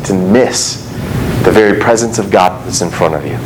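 A man's voice: deep voice, moderate pace, noisy background. Man preaching a conversational sermon. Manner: conversational preaching with acted-out quotes and rhetorical questions. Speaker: pastor.

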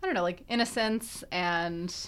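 A woman's voice: fairly low pitch, moderate pace, a bit bright, clean tone. A young woman co-hosting a podcast, thinking aloud in casual analytical chat with many fillers and restarts. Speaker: podcast co-host.

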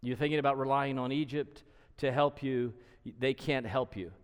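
A man's voice: medium pitch, steady tone, moderate pace, clean tone, long reverb tail. A male preacher giving an expository sermon, emphatic and explanatory, who repeats his points for stress.

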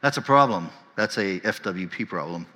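A pastor delivers a sermon with a bright, forceful voice that carries through a big hall with a long reverb. He is conversational, keeps asking his listeners "right?", and jumps into higher, livelier tones when he acts out what other people said. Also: moderate pace. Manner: animated, acts out whiny voices and quotes with rising pitch; conversational, often tags lines with "right?".

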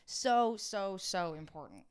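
Encouraging young woman with a smooth voice. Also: mid-range voice, expressive, slow pace. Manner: warm-hearted, encouraging, affirming. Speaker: podcast co-host. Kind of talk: casual chat.

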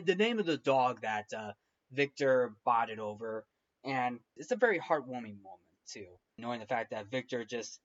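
A man's voice: medium pitch, muffled recording. Rambling man recapping a film. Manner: rambling, many restarts and "like". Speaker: film review host.

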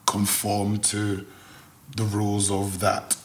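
A man in his twenties from Nigeria, a podcast guest speaking in a measured, thoughtful way. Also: lowish voice, completely flat delivery. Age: 20s. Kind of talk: podcast interview.

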